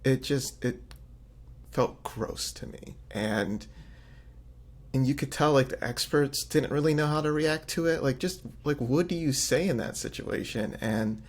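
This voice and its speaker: A man co-hosting a podcast, chatting in an animated, loose way with lots of fillers. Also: medium pitch, unhurried. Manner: animated, many fillers, acts out quotes. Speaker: podcast co-host. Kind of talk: casual chat.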